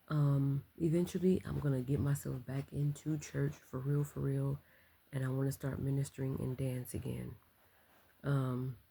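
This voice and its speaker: A woman talking in a casual late-night vlog, keeping her voice low and soft, reflective and full of ums and likes. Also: vocal fry, husky. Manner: speaking softly and low to keep quiet. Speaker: vlogger.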